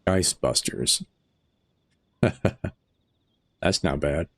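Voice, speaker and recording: Deep voiced guy on a late night game stream, kinda tired, rambly and laughing with chat. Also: lively intonation, very slow, dry recording. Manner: rambling, chuckling, chatting with viewers while gaming. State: tired after hours of streaming. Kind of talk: casual live stream chat.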